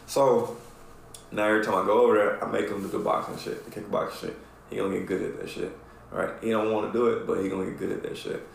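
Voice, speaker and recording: A man on a podcast telling a long, profane story in a casual, animated way, acting out what people said. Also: fairly low pitch, fast, vocal fry, slight background noise. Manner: animated, profane storyteller who acts out quotes. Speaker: podcast co-host. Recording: echoey room with faint ambience.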